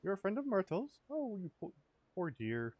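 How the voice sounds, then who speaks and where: A man's voice: high voice, huge pitch swings, normal speed, no echo, lo-fi sound, pitched above the performer's own voice, exaggerated voice. A man voicing a chatty old neighbor woman who gossips in a fussy, sympathetic way. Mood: gossipy. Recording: faint music behind.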